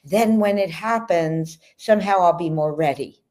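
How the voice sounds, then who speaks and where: A woman, an author appearing as a guest, explaining ideas in a calm, measured way. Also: on the low side. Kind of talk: thoughtful explanation.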